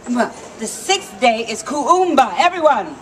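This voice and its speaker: A woman telling a story live to an audience, lively and coaxing the crowd to call back. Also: high-pitched, a little slow. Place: outdoor theme park stage. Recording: noisy live outdoor recording.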